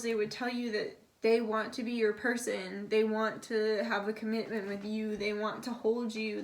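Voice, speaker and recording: A young woman giving a casual tarot reading, relaying messages in a chatty, confiding way and swearing now and then. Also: medium pitch. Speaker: tarot reader.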